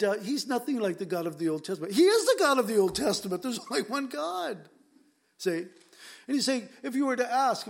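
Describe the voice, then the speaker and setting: A man preaching a conversational sermon to his congregation, earnest and emphatic, often repeating words as he presses a point. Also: sits high.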